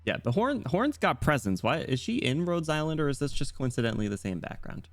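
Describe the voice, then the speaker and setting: A young British man chatting casually on a live stream, rambling and playful, often clearing his throat. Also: a little high, very animated, a little fast, hardly any pauses, dry recording, faint music behind. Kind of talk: casual live-stream chat while reading game dialogue.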